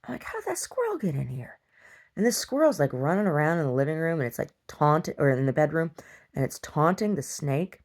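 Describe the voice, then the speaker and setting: A woman vlogger casually retelling a dream in a rambling, animated way, full of restarts. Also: low-pitched, a little fast. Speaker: video diary vlogger. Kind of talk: casual storytelling to camera.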